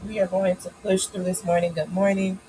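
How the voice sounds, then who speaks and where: A woman's voice: lowish voice, level tone, a little fast, mellow, slight background noise, low-quality recording. A woman with a cold, hosting a live writing session in a chatty, playful, encouraging way. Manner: chatty, playful, encouraging with lots of "y'all" and "child". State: sniffly, coming down with a cold. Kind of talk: casual live-stream chat.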